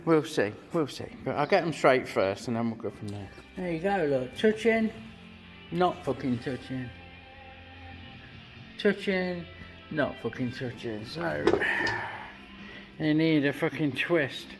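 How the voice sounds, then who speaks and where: Man, fifties, motorcycle builder, slightly high voice, profane rambling shop talk, faint music behind. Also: lively intonation, measured pace, long pauses. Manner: salty, rambling, swears freely. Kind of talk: workshop build commentary. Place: motorcycle workshop.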